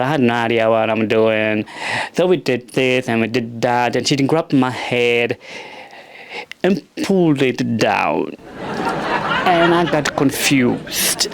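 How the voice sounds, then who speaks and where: A man's voice: medium pitch, gravelly, no echo. A young man with a non-native English accent doing a rambling, self-deprecating stand-up comedy monologue.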